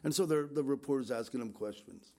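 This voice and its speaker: A man's voice: medium pitch, brisk, creaky, warm tone. An older man, a pastor, giving an earnest, conversational sermon and urging his listeners on. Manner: earnest, exhorting.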